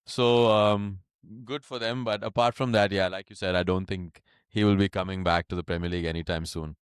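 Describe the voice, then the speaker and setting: A man co-hosting a relaxed football podcast, with a smooth, resonant voice recorded close and dry. He talks in a measured, analytical way and laughs easily. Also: low voice, dry recording. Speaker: podcast co-host. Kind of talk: casual football chat.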